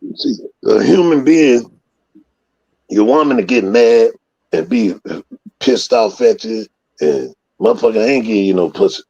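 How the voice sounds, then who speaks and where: A man with a gravelly, husky voice spins loose, profane stories in casual conversation. He acts out the scenes as he goes. The audio is slightly dull and lo-fi. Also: on the low side, animated, measured pace. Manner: profane, rambling storyteller who acts out scenes loudly. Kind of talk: casual storytelling.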